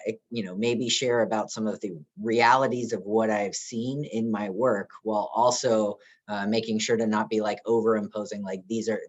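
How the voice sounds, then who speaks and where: A man leading a harm reduction training on a video call, speaking in a gentle, reassuring way and often checking in with "right?". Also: lowish voice. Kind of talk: workshop facilitation.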